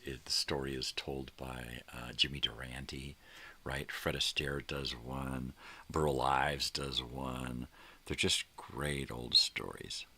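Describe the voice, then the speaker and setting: A man's voice: a bass voice, creaky, sharp tone, breathy edge. An older man hosting a morning show, talking in a casual, rambling monologue full of fillers that trail off.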